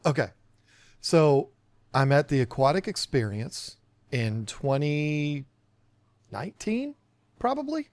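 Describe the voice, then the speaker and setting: A man co-hosting a podcast, telling a self-deprecating story in a casual, animated way and acting out the dialogue. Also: on the high side, slow pace, pauses often, dry recording. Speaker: podcast co-host.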